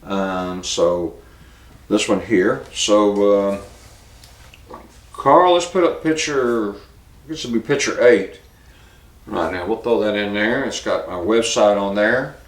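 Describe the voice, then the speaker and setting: A man hosting a local news commentary show, talking in a plainspoken, halting way and cueing a producer to put up pictures. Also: on the low side, roomy sound. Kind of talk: casual spoken commentary.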